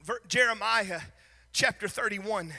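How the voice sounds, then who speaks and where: A man preaching a sermon, swinging from hushed near-whispers to shouted, sung-out lines in a chanting cadence. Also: sits high, measured pace, long reverb tail.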